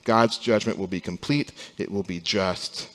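A man's voice: lowish voice, fairly even intonation, unhurried. Man preaching in a reverberant hall. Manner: preaching with swells from quiet to loud emphasis. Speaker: pastor. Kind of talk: sermon.

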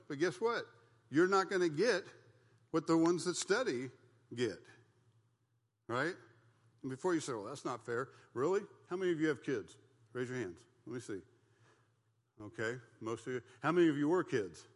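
A man's voice: a little high, lively intonation, normal speed, long pauses. Older man teaching in a reverberant church. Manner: folksy, joking, asks the class questions. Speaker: Bible study teacher. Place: church meeting room. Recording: long hall reverb.

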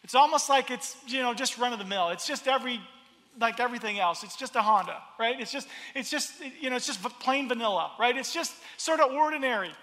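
A man preaching a sermon, expressive and repeating his words as he builds each point. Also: extremely high pitch, a little fast, long reverb tail. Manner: expressive, acts out crowd voices, repeats words. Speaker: pastor.

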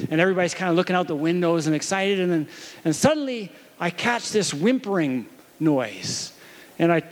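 Pastor, man in his thirties, high voice, gentle storytelling sermon. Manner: storytelling, gentle, talks to his little daughter.

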